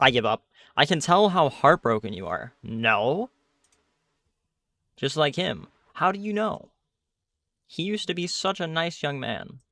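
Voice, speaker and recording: A man's voice: mid-range voice, bright, forceful tone, dry recording. A man voicing a sad older woman in a video game, reading her lines aloud in an exaggerated old lady voice. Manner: self-mocking put-on old lady voice.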